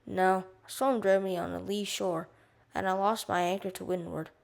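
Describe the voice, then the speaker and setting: A woman reading the lines of a weary, worried father in a storybook, spoken quietly and resigned. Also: mid-range voice, little pitch movement, normal speed, gravelly, natural voice.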